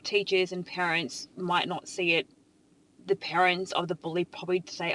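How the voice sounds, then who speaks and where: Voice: mid-range voice, flat delivery, moderate pace, fairly bright tone, poor audio. A commentator giving a blunt, emphatic opinion, with swearing.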